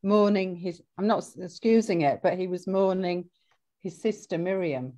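A woman attending a rabbi's class, putting her questions earnestly and haltingly, searching for words. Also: lowish voice, warm tone. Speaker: class participant.

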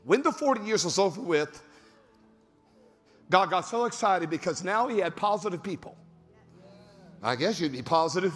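A male pastor preaching a sermon in a large church, breaking into shouted, rising bursts. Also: high voice, lively intonation, moderate pace, long pauses. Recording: reverberant church hall with music.

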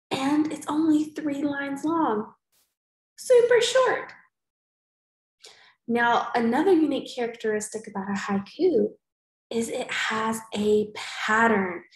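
A woman teacher giving a recorded poetry lesson to young students, cheerful and slow, clapping out syllables and sometimes whispering. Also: a little high, roomy sound, rough recording. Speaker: elementary school teacher.

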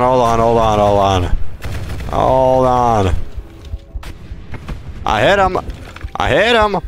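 A man's voice: medium pitch, big pitch swings, slow, pauses often, slight background noise. A man streaming live gameplay, talking playfully and boastfully to his chat and teammates. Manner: playful, boastful, bursts into laughs and shouts.

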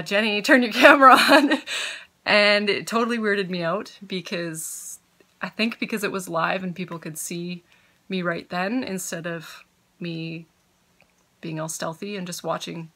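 Bright-voiced chatty woman podcaster. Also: on the low side, steady tone, normal speed, gravelly. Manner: chatty, giggly, easily sidetracked. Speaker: podcast host. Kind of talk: casual chat. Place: home.

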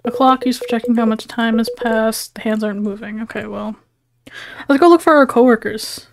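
A woman's voice: a little high, normal speed, noisy background. Wry woman commenting on a game. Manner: wry and joking. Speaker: gaming streamer. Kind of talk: casual gameplay commentary. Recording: game music behind.

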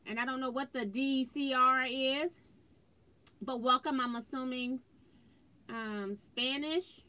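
A woman's voice: high-pitched, slow, bright, forceful tone, smooth. A woman hosting a quilting livestream from home, chatting casually and greeting viewers by name as she reads their comments on a phone. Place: indoors at home, fireworks outside.

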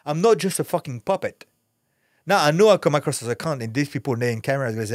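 A man's voice: fairly high pitch, very animated, fast, dry recording, studio quality. A middle-aged man, an actor and former fighter, talking candidly as a podcast guest in a blunt, intense way and swearing freely. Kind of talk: candid podcast interview talk.

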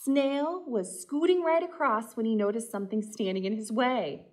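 A woman, a children's librarian, reading a picture book aloud and asking the children gentle questions. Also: on the high side, normal speed. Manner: gentle, talks directly to children. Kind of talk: storytime read-aloud.

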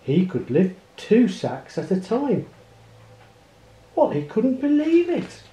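Slow, mellow man reading a picture book. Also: sits high. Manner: expressive read-aloud storytelling. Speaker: storybook reader. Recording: roomy echo.

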